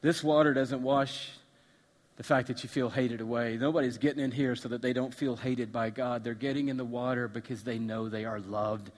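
A male pastor preaching a sermon, swinging from hushed, intimate lines to loud, emphatic repetition. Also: medium pitch, steady tone, normal speed. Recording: long reverb of a large hall.

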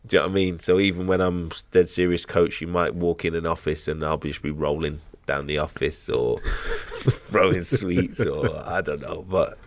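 A young adult man chatting as a podcast guest in a playful, joking way. His voice is fairly low, and the recording is dry and close. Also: steady tone, normal speed, no room sound. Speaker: podcast guest, football agent. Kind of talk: casual podcast chat.

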